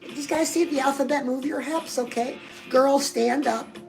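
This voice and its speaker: Her high voice steady and touched with vocal fry, a woman speaks at a moderate pace as a gushing, pushy lifestyle guru in a comic character monologue, chatting to the viewer and repeatedly calling her "girl." The recording is rough, with music playing loudly beneath.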